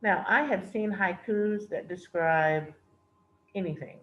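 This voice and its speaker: A woman's voice: mid-range voice, takes it slowly. A woman teacher explaining lesson material patiently, often checking in with okay and all right. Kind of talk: recorded classroom lesson explanation. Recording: dull lo-fi recording with faint hiss.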